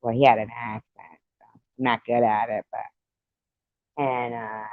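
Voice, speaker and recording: A man's voice: medium pitch, flat delivery, a little slow, no room sound, narrow, tinny audio. A man chatting with viewers on a live stream, giggly and meandering, often trailing off. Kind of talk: casual rambling chat.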